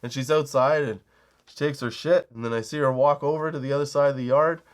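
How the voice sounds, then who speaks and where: A man's voice: medium pitch, fairly even intonation, fairly quick. Man, middle-aged, comedy podcast host, casual storytelling, profane, laughs at his own jokes, acts out quotes. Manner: acts out quoted people in raised voices.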